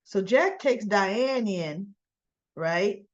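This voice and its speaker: A woman's voice: mid-range voice, expressive, drawn-out words, dull audio. A woman host recapping a soap opera in a chatty, opinionated storytelling manner. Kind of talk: casual recap narration.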